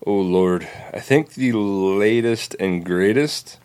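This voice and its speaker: A man's voice: on the low side, slow, darkish tone, clean tone. A man chatting on a beer podcast with a dry, joking manner. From Central California. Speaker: podcast co-host. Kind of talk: casual chat.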